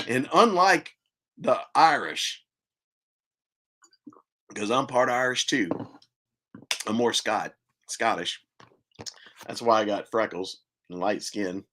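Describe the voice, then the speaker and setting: A man's voice: lowish voice, pushed and bright. An older man hosting a podcast, telling a long, chatty personal story and laughing at his own tales. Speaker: podcast host.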